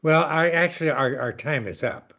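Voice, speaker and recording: A man's voice: a little high, animated, normal speed, highs cut off, crowd noise. An older man giving a patient online piano lesson, explaining rhythm and counting aloud. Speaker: piano teacher.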